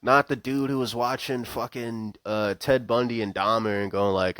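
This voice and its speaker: A man's voice: medium pitch, fairly even intonation, normal speed, few pauses, fairly bright tone, dry recording. A young man in an unscripted rant, profane and rambling, with wry laughs and many fillers, speaking close to a microphone. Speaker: vlogger.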